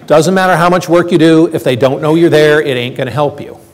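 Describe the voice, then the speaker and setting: An older man giving a lively conference talk, joking with the audience and acting out quoted lines. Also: a little high, brisk. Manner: quipping, plays out quoted voices. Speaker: conference speaker. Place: lecture hall. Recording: hall reverb from stage.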